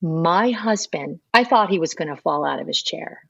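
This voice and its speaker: A woman's voice: fairly low pitch, normal speed, creaky, slightly rough, no room sound, highs cut off. Earnest woman telling a personal story. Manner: earnest, animated, acts out remembered dialogue. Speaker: guest telling her conversion story.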